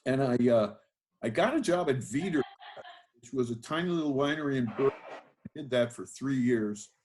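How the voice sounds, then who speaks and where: An older man sits for an interview and tells his life story, wandering from one memory to the next. He talks in a loose, self-deprecating way, with many fillers and false starts. His voice sits at an ordinary middle pitch. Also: lively intonation, normal speed, a little mellow. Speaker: guest, winemaker.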